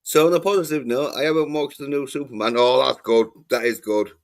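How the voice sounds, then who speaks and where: A man's voice: medium pitch, a little fast. Laid-back mumbling man. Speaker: stream co-host. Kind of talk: casual chat.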